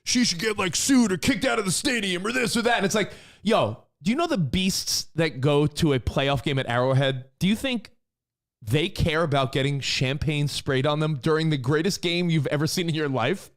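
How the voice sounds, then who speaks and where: A man co-hosting a casual sports talk show, ranting in an animated, profane way and shouting for emphasis. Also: fairly high pitch, moderate pace. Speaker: co-host.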